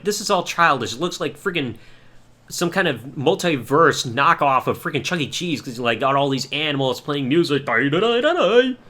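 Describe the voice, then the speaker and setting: A man hosting a podcast, recapping episodes in a casual, profane, rambling way and slipping into quick mimicked voices. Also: fairly high pitch, pushed and bright. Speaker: podcast host.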